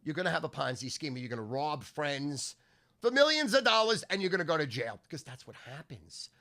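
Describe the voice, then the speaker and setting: Loud, crude man ranting in bursts. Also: sing-song, a little fast. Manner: loud, crude, swings between low grumbling and shouting. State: voice going hoarse. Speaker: sports handicapper and podcast host. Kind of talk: profane ranting monologue.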